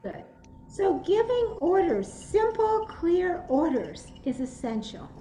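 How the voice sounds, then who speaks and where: A woman instructor leading an online self-defense workshop, encouraging and giving clear commands. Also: very high-pitched, very animated, takes it slowly, echoey room, background noise. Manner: encouraging, gives clear commands, laughs easily. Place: indoor room. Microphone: video call.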